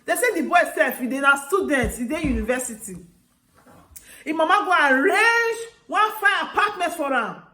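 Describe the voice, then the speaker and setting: A woman with a Nigerian Pidgin accent telling a story casually to her viewers, lively, acting out the people she quotes and often laughing. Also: high voice, normal speed. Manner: animated, acts out quoted voices with laughter. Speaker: vlogger. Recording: roomy echo.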